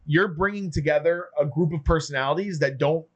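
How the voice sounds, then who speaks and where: A man's voice: fairly high pitch, fairly quick. A man co-hosting a casual film review, speaking thoughtfully and putting questions to the others. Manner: thoughtful, poses questions to the group. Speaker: podcast co-host.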